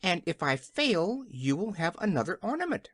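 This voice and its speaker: A proud, shrill storybook hen who bristles with indignation and never backs down, as the audiobook reader voices her. Her voice sits high and swoops about a great deal. The recording is dry and close. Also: sing-song, moderate pace, no echo. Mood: determined.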